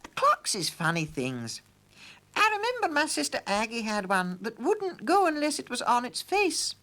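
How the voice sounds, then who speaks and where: A man's voice: very high-pitched, wildly swooping pitch, moderate pace, bright, forceful tone, pitched above the performer's own voice, heavily acted. A man voicing a homely, gossipy female housekeeper in a raised voice. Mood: chatty. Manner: gossipy, folksy. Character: chatty housekeeper woman, homely.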